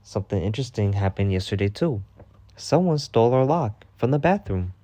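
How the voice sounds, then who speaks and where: Male vlogger, low mellow voice, dry close sound; profane storytime rant, animated. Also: a little fast, dry recording. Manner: profane, animated, repeats himself for emphasis.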